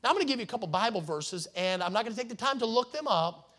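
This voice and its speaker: High-voiced pastor preaching. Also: male voice, expressive, bright, forceful tone. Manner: emphatic preaching, slows down to stress words. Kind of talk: sermon.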